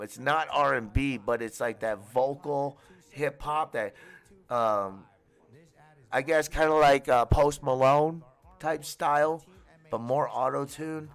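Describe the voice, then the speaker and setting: Man, gravelly, mid-pitched, casual rambling stream chat, profane, laughs a lot. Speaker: host of an online hip hop radio stream.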